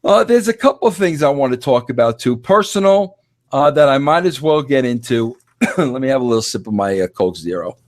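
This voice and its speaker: Podcast host, male, fifties. Animated, emphatic delivery with frequent stammering restarts. Dry sound. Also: mid-range voice, brisk, no echo. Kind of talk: casual monologue.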